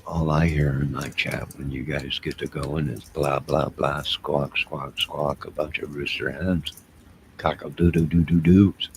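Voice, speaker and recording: A man's voice: extremely low pitch, level tone, unhurried, creaky, few pauses, a bit bright, a little hiss or hum. A man rambling loosely to his live chat late at night, defensive and talking straight to his viewers while wearing headphones. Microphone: wearing headphones at a desk mic.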